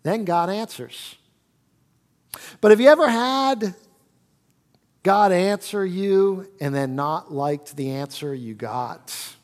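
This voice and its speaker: A man preaching a sermon as pastor, animated and rising to loud emphasis. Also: a little high, long reverb tail. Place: church sanctuary.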